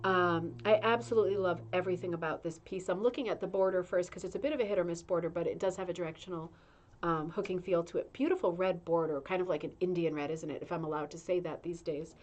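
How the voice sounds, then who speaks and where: A woman's voice: on the low side, quick pace, a little mellow. Chatty woman reading a magazine aloud. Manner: chatty, reads aloud with asides and laughs. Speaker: show host reading a magazine. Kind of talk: casual livestream chat. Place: indoor room with a humming heater.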